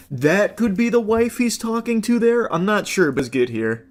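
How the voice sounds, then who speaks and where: A man's voice: sits high, animated, moderate pace, hardly any pauses, darkish tone, a little hiss or hum. A young man streaming, casually commenting on a clip, rambling with fillers and casual swearing.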